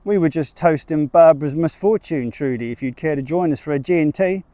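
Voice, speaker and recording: A man's voice: on the high side, fairly quick, dark tone, dry recording, close to an everyday voice. A man voicing a jovial middle-aged male sheep farmer with a New Zealand accent and a cheeky, blustering salesman manner. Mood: hearty.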